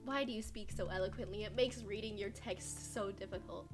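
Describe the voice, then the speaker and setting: A woman's voice: mid-range voice, fairly quick, few pauses. A young woman streamer reading through a story game with playful, giggly asides. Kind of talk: casual game playthrough commentary. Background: game music.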